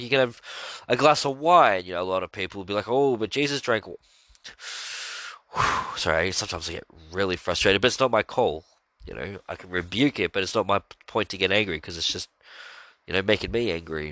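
Low-voiced man rambling about faith. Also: pushed and bright, no echo. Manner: rambling, earnest, with sighs and laughs. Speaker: podcast host. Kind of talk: casual religious monologue.

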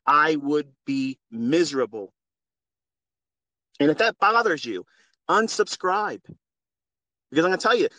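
A man talks straight into his phone with a fairly high voice, dry and close with no room around it. He preaches in an unscripted, earnest way and swears freely. His level swings from low and quiet to loud and pressing. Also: no echo. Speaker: trading mentor hosting a live audio space. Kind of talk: impassioned unscripted monologue.

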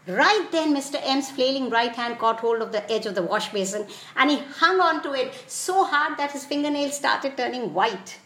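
A woman hosting a podcast, reading a whimsical story aloud in a playful, expressive storybook narration. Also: high-pitched, moderate pace, hardly any pauses. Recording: echoey room.

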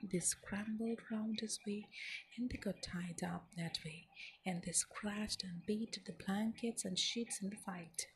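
A woman telling a children's story in soft, whispered ASMR storytelling, her voice gravelly with fry at the low end. She reads at a middling pitch, gently and unhurried, slipping in and out of whisper. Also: steady tone, a little hiss or hum, low-quality recording.

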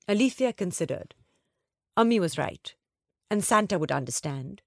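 Expressive woman reading a storybook. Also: fairly low pitch, moderate pace, vocal fry, pauses often, no room sound, clean studio sound. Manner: expressive, varied delivery.

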